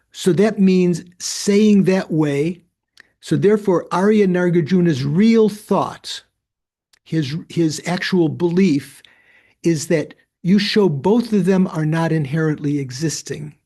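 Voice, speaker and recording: A man teaching a Buddhist philosophy class, reading passages aloud and explaining them with halting restarts. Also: on the high side, warm tone. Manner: halting, repeats words when restarting.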